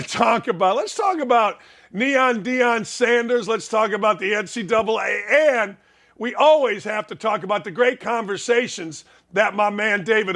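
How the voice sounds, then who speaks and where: Brash sports host, bright edge, high voice, stuffy. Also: male voice. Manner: brash, folksy, emphatic with repetition. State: congested, sneezing. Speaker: sports talk show host. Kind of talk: opinionated sports talk monologue.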